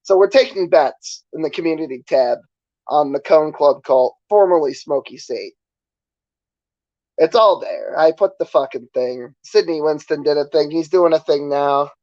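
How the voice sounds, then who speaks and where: A man's voice: on the high side, normal speed, a little mellow, no echo, muffled recording. A man streaming, ranting casually to his chat in a sarcastic, profane, rambling way. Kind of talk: casual livestream rant to chat.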